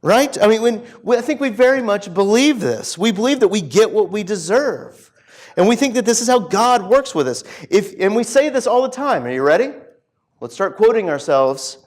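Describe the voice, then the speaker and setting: A man preaching a casual, conversational sermon in church, retelling a story with lively acted-out dialogue and lots of chatty fillers. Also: high voice, moderate pace. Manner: animated storytelling, acting out characters' lines, chatty fillers.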